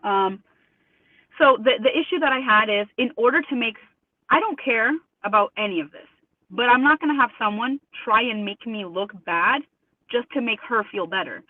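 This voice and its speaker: A woman's voice: a little high, lively intonation, moderate pace, no echo. A woman guest in a remote interview, talking emphatically and indignantly, quoting others with mimicked voices. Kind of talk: remote interview over a call. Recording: tinny phone-line audio, dry.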